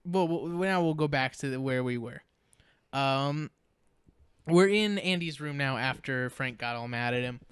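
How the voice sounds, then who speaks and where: A man's voice: medium pitch, measured pace, fairly bright tone, clean tone, no echo, studio quality. A man co-hosting a podcast, casually recapping a movie, rambling and laughing as he mocks the characters in quoted voices. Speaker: podcast co-host.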